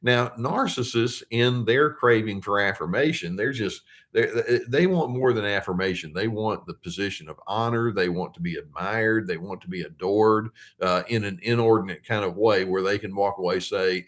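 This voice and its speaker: An older man with a lowish voice talks through advice for his viewers in a calm, unhurried way. He hesitates often, restarts his sentences and reflects as he goes, like a therapist thinking aloud. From United States. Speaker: therapist host. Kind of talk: casual advice talk to viewers.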